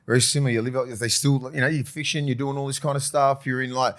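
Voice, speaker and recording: A man's voice: medium pitch, level tone, quick pace. A man chatting casually as a podcast co-host, rambling and laid-back, swearing now and then. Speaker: podcast co-host, former player. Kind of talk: casual chat.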